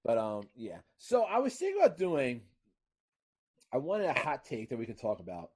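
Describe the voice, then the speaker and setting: A man co-hosting a casual wrestling chat, swearing freely, whose voice climbs high and loud when he gets worked up. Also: wildly swooping pitch, normal speed, husky. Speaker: podcast co-host.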